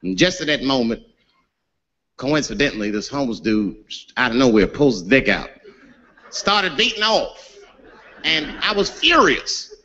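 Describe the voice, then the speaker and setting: Man, stand-up comedian, profane storytelling, lively swooping pitch, muffled lo-fi sound. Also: a little slow, pauses often. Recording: dull lo-fi audio with faint noise.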